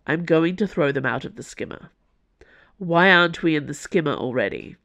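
A woman voicing a brooding male musketeer with a rough, stiff, clipped voice. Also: sits low, expressive, normal speed, fairly bright tone, no room sound, muffled recording, heavily acted.

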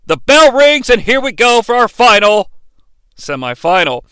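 A man's voice: very high voice, big pitch swings, a little slow, fairly bright tone, smooth, dry recording. A man hosting a podcast, giving a sarcastic, jokey recap of a wrestling match. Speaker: podcast host.

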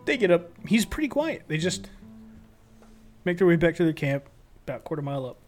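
Male game master; relaxed, halting narration, a little high-pitched. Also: faint music behind.

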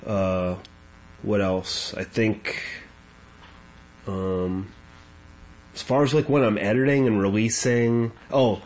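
A man's voice: on the low side, takes it slowly, pauses often, a little mellow. A man guesting on a podcast, chatting casually and hesitantly about his work. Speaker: guest, comics artist.

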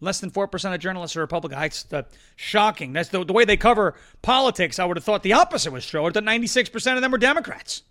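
A middle-aged man hosting a political talk show, talking quickly and emphatically, repeating his points and joking between ad reads. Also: sits high, lively intonation, sharp tone. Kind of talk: casual political commentary and ad reads.

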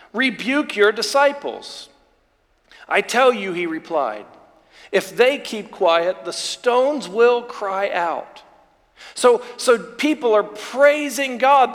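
A pastor preaching a sermon to an online congregation, building up through repeated lines and slowing down to stress key words. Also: male voice, very high voice, fairly bright tone, in a large hall. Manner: builds up with repetition, slows for emphasis.

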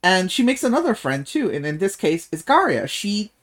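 Male podcast co-host, lively casual recap voice, sarcastic and loose, given to laughing and swearing. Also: high-pitched, moderate pace. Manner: animated, swears, laughs often. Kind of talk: casual book discussion.

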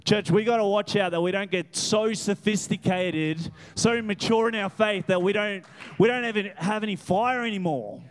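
A man preaching a lively, animated sermon in church as guest pastor. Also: high voice, normal speed, hardly any pauses. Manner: animated, laughing, acts out voices. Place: church hall with congregation.

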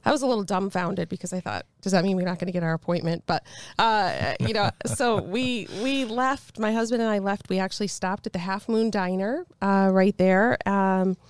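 A woman's voice: mid-range voice, normal speed, smooth, no room sound. A middle-aged woman, a congressional candidate, telling a personal story of faith in an interview and acting out the voices of the people in it. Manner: animated storyteller, acts out quoted dialogue.

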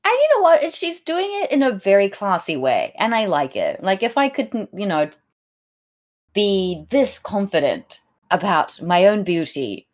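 A woman's voice: medium pitch, very animated, unhurried. A woman co-hosting a podcast, chatting casually about a play in an upbeat, opinionated way and laughing easily. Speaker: podcast co-host. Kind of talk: casual literary discussion.

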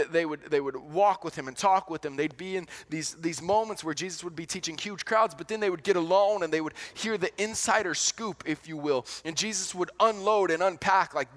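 A man preaching a sermon as a pastor in a conversational, animated way, often restarting and repeating words. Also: on the high side.

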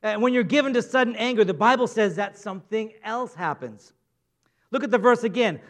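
A man's voice: high voice, fairly quick. A male preacher giving a sermon in a playful, conversational way, often asking the congregation questions. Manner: playful, conversational, asks the audience.

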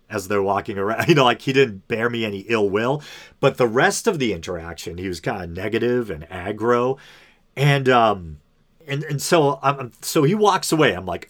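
A man's voice: medium pitch, animated, moderate pace, a bit bright. A man hosting a podcast, telling a personal story in an unscripted, rambling monologue full of fillers and asides. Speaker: podcast host.

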